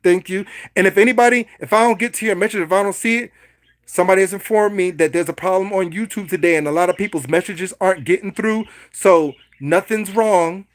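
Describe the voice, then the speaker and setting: Talking a little fast in a high voice, this livestream host addresses his chat directly. His casual delivery is preachy and repetitive, and the audio carries no echo.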